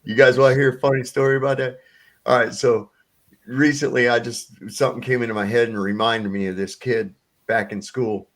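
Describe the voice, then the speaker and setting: A man's voice: mid-range voice, fairly even intonation, fairly quick, fairly bright tone. Guy on a podcast telling stories, loose and sweary, laughs a lot. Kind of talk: casual chat, storytelling.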